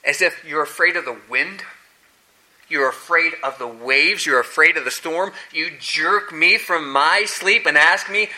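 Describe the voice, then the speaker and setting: A man preaching a sermon, telling scripture stories dramatically and acting out the quoted lines with big swings in pitch and loudness. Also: normal speed, low-quality recording.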